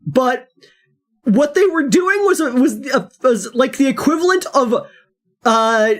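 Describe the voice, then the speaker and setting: A streamer chatting casually while gaming, rambling with many fillers and frequent laughs, sometimes reading game text aloud in a lower, flatter tone. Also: slow pace. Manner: rambling, animated, laughs often; reads game text in a low flat tone.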